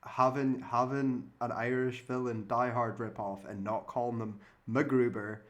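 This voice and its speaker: A man's voice: mid-range voice, level tone, unhurried. Blunt, swearing male podcast co-host. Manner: blunt, swears, short reactions. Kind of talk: casual chat reviewing films.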